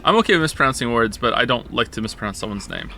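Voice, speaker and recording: A man's voice: medium pitch, expressive, rapid-fire, pushed and bright, slight background noise. A man chatting casually on a stream, rambling and joking and correcting himself mid-sentence. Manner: rambling, self-correcting, jokey.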